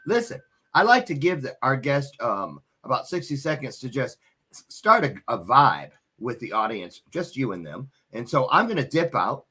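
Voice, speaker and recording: A man's voice: medium pitch, sing-song, normal speed, bright, forceful tone, breathy edge. A man hosting an interview show, chatty and joking, with frequent restarts and fillers. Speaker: podcast host. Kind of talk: casual interview chat.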